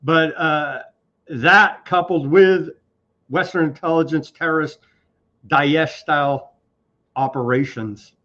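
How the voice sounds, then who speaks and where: A man's voice: fairly high pitch, takes it slowly, long pauses, pushed and bright. A man co-hosting a news commentary show, talking sarcastically and tripping over foreign names. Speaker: co-host. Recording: dull lo-fi audio.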